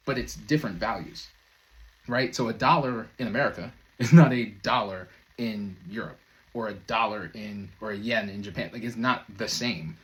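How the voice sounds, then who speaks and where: Low-voiced man giving a casual pep talk. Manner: loose and conversational, many fillers, brief chuckles. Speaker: manifestation coach. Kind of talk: casual motivational talk to camera.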